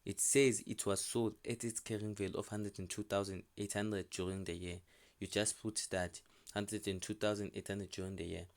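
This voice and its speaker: A man teaching an accounting lesson as a screen-recorded voice-over, walking through a question paper step by step and repeating each figure slowly. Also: on the low side, flat delivery. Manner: repetitive, restating figures slowly. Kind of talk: step-by-step tutorial explanation.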